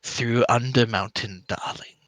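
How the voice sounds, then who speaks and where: A man's voice: mid-range voice, fairly even intonation, unhurried, fairly bright tone, no echo, natural voice. A man voicing an eccentric old male wizard, a flamboyant showman with a theatrical, grandly affected manner. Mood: sly showman.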